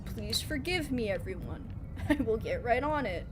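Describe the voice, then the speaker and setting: A woman's voice: on the high side, expressive, normal speed, noisy background. Giggly chatty woman streamer. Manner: chatty, giggly, playful, reads chat aloud. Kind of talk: casual live-stream chat while gaming.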